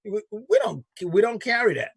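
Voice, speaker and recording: A man's voice: high voice, animated, normal speed, gravelly, husky, no echo. A man hosting a casual talk show, telling stories bluntly and animatedly with some cussing. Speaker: show host. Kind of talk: casual chat.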